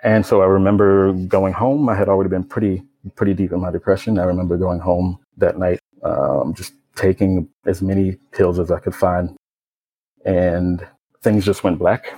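A young man from the United States recounting a personal experience in a low-key, reflective way, with many casual fillers. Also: fairly even intonation, moderate pace, mellow, poor audio. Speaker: storyteller. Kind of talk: personal testimony.

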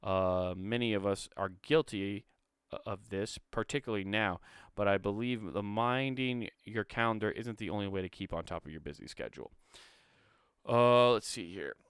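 A man's voice: lowish voice, normal speed, a bit bright, clean tone, no room sound, studio quality. A man casually reading an article aloud and breaking off to ramble, swear and make sarcastic asides. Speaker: video host.

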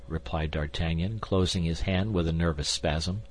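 Male audiobook narrator, deep and husky, measured delivery. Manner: measured, even reading.

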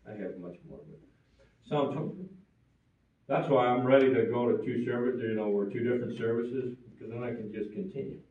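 A man preaching a sermon, stressing and repeating key words, at times rising loud and at times dropping very quiet. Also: medium pitch, flat delivery, fairly quick. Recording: echoey and distant, dull sound.

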